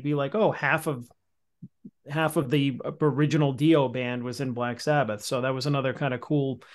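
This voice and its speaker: A man co-hosting a podcast, speaking casually and hesitantly with many ums. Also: medium pitch. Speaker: podcast co-host.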